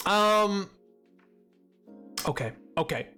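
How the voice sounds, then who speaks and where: A man's voice: on the high side, big pitch swings, takes it slowly, fairly bright tone, faint music behind. A man streaming live, chatting casually with viewers in a rambling, self-mocking way and laughing often.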